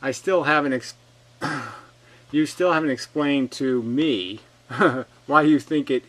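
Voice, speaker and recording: A man in a heated rant, answering an opponent's comments one by one. His delivery is combative and sarcastic, packed with swearing and insults, at a middling pitch. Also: slow, fairly bright tone, low-quality recording. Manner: reads out an opponent's comments and fires back. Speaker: video commentator. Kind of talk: ranting rebuttal monologue.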